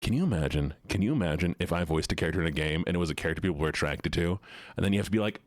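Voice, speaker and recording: A man streaming a game live, excitable and chatty, thanking viewers as he plays. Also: low-pitched, racing.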